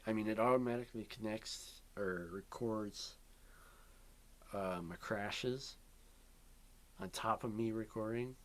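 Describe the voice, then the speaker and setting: Rambling young man in a bedroom vlog. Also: on the low side. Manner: rambling, drifting, many ums and yawns. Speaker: vlogger. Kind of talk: rambling casual vlog chat. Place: bedroom at home.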